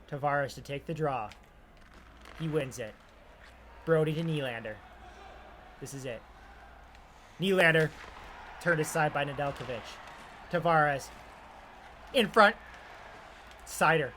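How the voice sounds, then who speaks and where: A man's voice: a little high, a little hiss or hum. Man calling video game hockey. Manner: excited and loud on shots and scoring chances, calmer asides between plays. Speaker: YouTuber doing play-by-play of his own hockey video game. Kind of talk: play-by-play commentary.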